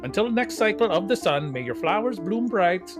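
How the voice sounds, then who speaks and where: A man's voice: sits high, sing-song, brisk, loud music behind the voice. A man putting on a mock Swedish accent to play a solemn cult ritual narrator, hamming up a comic podcast outro. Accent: put-on Swedish.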